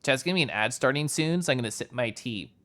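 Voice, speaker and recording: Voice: medium pitch, expressive, quick pace, fairly bright tone. A streamer giving chatty, playful live commentary while playing a game and joking with chat.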